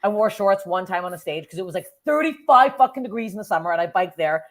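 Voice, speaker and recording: Canadian woman comedian, thirties, blunt cursing storyteller, rattles along fast. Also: mid-range voice. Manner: profane, blunt, animated storytelling. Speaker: comedian guest. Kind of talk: casual podcast storytelling.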